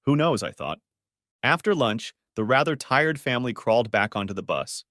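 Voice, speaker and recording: A man's voice: mid-range voice, very animated, moderate pace, a bit bright, no echo, studio quality. A man narrating a first-person audiobook story in a restrained, bitter tone.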